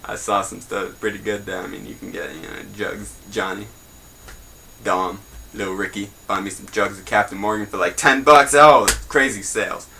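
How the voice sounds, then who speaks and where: A man's voice: on the low side, steady tone, normal speed, gravelly, bright, forceful tone, a little hiss or hum, poor audio. A young man hosting a homemade news show in a rambling, crude, joking way. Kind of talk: casual mock newscast.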